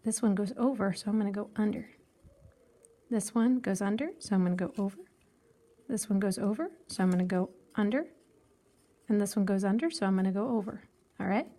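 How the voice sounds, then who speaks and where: A woman's voice: mid-range voice, dark tone. Patient woman teaching a craft lesson. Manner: patient, slow counting aloud, tells a simple story for children. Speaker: art teacher.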